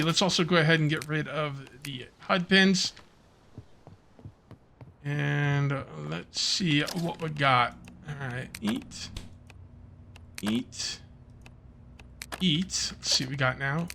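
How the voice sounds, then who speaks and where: A man with a New Jersey accent talks through his game session in a relaxed, rambling way, often restarting his sentences. His voice sits a little on the high side. A steady bed of engine noise from the game runs underneath. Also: slow, vocal fry, long pauses. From Central New Jersey. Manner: chatty, thinks aloud, frequent restarts and fillers. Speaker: gaming channel host. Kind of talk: casual let's-play commentary.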